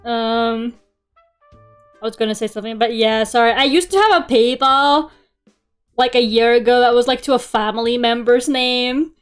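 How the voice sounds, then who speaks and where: A woman's voice: a little high, fairly even intonation, normal speed, clear, resonant tone. A young woman chatting casually on a stream while drawing. She grumbles, swears freely and giggles often. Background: faint music.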